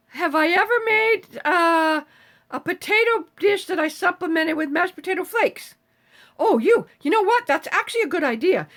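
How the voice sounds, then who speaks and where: A woman in her seventies with a very high, lively voice, chatting casually as she answers viewers on a live stream. She talks in a salty, easygoing way and swears freely. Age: 70s.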